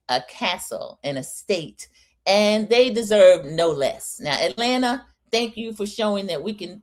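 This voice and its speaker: A middle-aged woman hosts a live-stream recap in a relaxed, chatty way. She talks right to her viewers and calls out thanks to them by name as she goes. Her voice sits at an ordinary middle pitch. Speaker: host of a live-stream reality-TV recap show.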